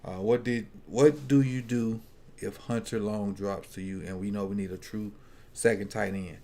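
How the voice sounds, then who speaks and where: A man's voice: on the low side, steady tone, normal speed, vocal fry, warm tone, slight background noise. A man talking casually at a football draft watch party. He jokes and thinks aloud, often restarting his sentences. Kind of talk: casual chat.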